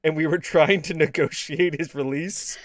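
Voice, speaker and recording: A man's voice: on the high side, normal speed, no echo. Man, gaming show co-host, rambling casual chat, dry close sound. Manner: rambling, restarts, deadpan mock-spy bits.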